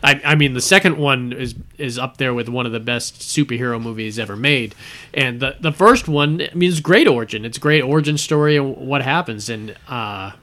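Bright-voiced man in casual film chat. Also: mid-range voice, a little fast. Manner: rambling, laughs often, restarts. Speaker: podcast co-host.

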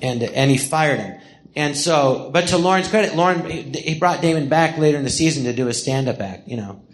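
A man's voice: fairly high pitch, expressive, brisk. Older man spinning rambling show-business stories. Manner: rambling anecdotes with restarts and acted-out quotes. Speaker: podcast host telling memoir stories. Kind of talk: live podcast storytelling. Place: podcast theatre before a live audience.

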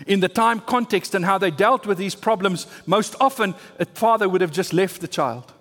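A male pastor delivers a sermon in a high, light voice. He drives his points home through emphatic repetition and rising bursts of intensity. His words carry a long, lingering reverb. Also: moderate pace, fairly bright tone.

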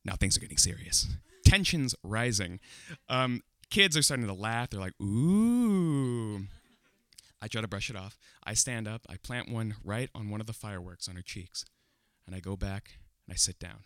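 A young man with a lowish voice tells a funny personal story to an audience at a normal speed. He's animated, often breaking into laughter as he builds the tension, and the recording is dry.

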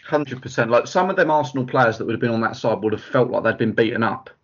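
Husky man chatting loosely. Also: mid-range voice, fast. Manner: chatty, lots of "like" fillers. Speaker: podcast co-host. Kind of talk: casual chat. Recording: dull lo-fi audio.

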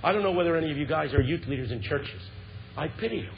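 Man in his fifties, high-pitched, animated preacher; muffled lo-fi tape with hiss. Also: quick pace, vocal fry. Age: 50s. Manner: animated, swings from shouts to hushed lows. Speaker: Christian speaker. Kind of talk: humorous, impassioned sermon.

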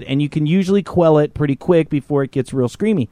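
Profane, animated storytelling man. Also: a little high, fast talker, hardly any pauses, no echo. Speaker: podcast host. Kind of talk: casual storytelling chat.

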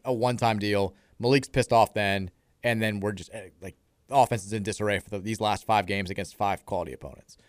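A man's voice: on the low side, a bit bright, no echo, studio quality. A man hosting a sports talk radio show, laying out scenarios and poking fun at himself. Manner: self-deprecating, analytical. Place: radio studio. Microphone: studio microphone.

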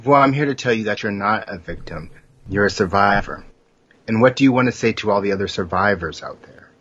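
A man hosting a comedy talk show, with a smooth pitchman delivery. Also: brisk, a bit bright, lo-fi sound.

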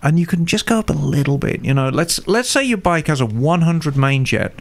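A man's voice: fairly high pitch, expressive, fairly quick, vocal fry. An older man explaining motorcycle carburetor tuning with confidence, step by step, in a casual chat. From England. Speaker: motorcycle mechanic expert.

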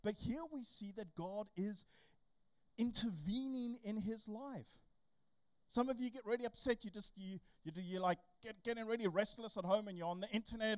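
A young adult preacher giving a casual, conversational sermon and acting out quotes. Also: mid-range voice. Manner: conversational, animated, acts out quotes. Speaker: youth camp preacher.

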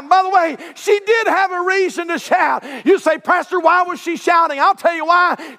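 A middle-aged pastor, preaching a sermon from the pulpit that swings from loud shouts to hushed, quiet asides. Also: male voice, extremely high pitch, moderate pace, hardly any pauses, long reverb tail. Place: church sanctuary.

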